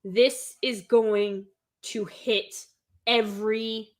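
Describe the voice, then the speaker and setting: A woman host talks casually in a slightly high voice. She gushes about what she loves and piles on filler words as her excitement runs ahead of her. The delivery is loose and chatty. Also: extremely slow. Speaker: host reviewing an animated film. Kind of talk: casual chat.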